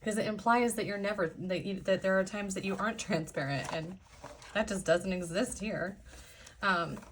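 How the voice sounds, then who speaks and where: A woman's voice: medium pitch, moderate pace, slight background noise. A young woman giving a casual pick-a-card tarot reading, chatty and sassy, rambling with lots of fillers. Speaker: tarot reader.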